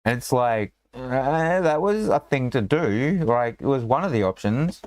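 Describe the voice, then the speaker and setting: A man's voice: medium pitch, lively intonation, unhurried, a little mellow, no echo. A man running a tabletop game as game master, in a rambling, casual way full of fillers and restarts.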